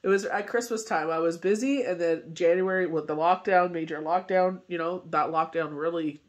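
A man's voice: on the high side, normal speed. A man reading tarot cards in a casual spoken forecast, talking in a loose, rambling way full of fillers. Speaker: tarot reader and medium.

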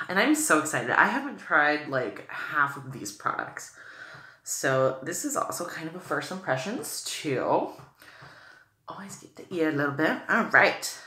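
A beauty vlogger from New England, with a fairly low voice that sounds pushed and bright, records a makeup tutorial with a roomy sound. She chats and gushes over products, filling her speech with "like" and "okay."

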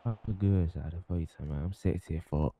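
Cursing dude pushing stuff in gta rp, raspy low fry voice, dark. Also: male voice, fairly quick. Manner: profane, insistent, pushy. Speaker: roleplay player. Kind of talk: in-character gaming roleplay chat.

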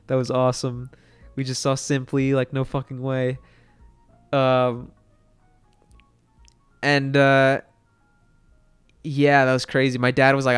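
A young man telling a story to his stream chat, excitable and rambling, with lots of fillers and swearing. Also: medium pitch, unhurried, pauses often, clean tone, faint music behind.

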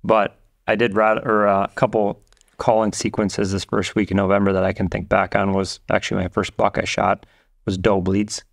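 Gravelly low-voiced man recalling a hunt. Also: moderate pace. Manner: relaxed recollection with fillers. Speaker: podcast co-host. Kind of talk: casual chat.

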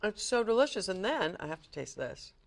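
A woman's voice: mid-range voice, sing-song, a little fast, creaky. A woman hosting a TV cooking show, upbeat and bubbly as she tastes and chats with a guest chef. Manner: bubbly, upbeat, laughs easily.

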